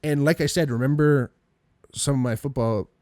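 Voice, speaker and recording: A man telling a story in casual chat, animated, acting out quotes, swearing and laughing often. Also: medium pitch, moderate pace, no echo, clean studio sound. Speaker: podcast guest.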